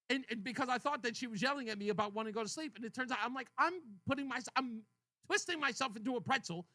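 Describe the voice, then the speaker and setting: A man hosting a call-in radio talk show, telling a story with animated energy and acting out both sides of a conversation. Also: high voice, dry recording. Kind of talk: casual call-in radio chat.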